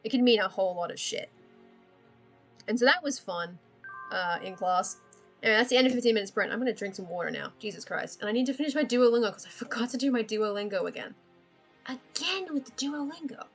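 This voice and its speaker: A woman's voice: on the high side, lively intonation, fast talker, soft background music. A woman hosting a casual live stream while she draws. She rambles from one tangent to the next, swears freely and laughs often.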